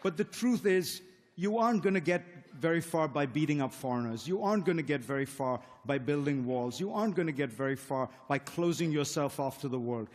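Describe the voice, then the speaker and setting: A man's voice: on the high side, lively intonation, brisk, some chatter behind, slight background noise. A man who grew up in India, arguing earnestly in a formal debate before a live audience, stacking points into rhetorical lists. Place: large hall with a live audience. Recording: echoey hall.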